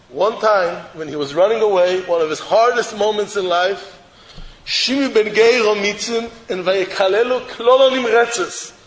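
High-voiced preacher in an echoey hall. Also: male voice, a little hiss or hum. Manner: emphatic, repeats rhetorical questions, sometimes shouts. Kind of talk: sermon. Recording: echoey hall with faint ambience.

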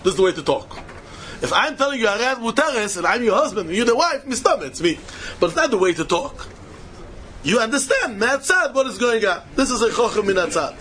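A man's voice: very high voice, lively intonation, brisk, a bit bright. A man giving a Talmud lecture, emphatic and repetitive, chuckling as he explains. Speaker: Talmud teacher.

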